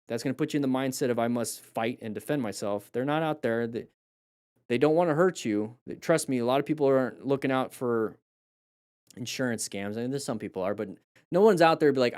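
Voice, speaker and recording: A man's voice: mid-range voice, a little mellow, clean tone. A man reviewing crash videos live and coaching riders, emphatic and repetitive, acting out a rider's panic as he explains. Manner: emphatic, repeats key phrases, acts out riders' panic. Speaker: motorcycle riding coach.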